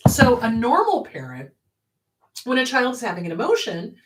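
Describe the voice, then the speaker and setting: A woman's voice: a little high, normal speed. A woman therapist hosting her show, answering a viewer's question in an emphatic way and acting out what parents say. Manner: animated and emphatic, acts out quoted parents.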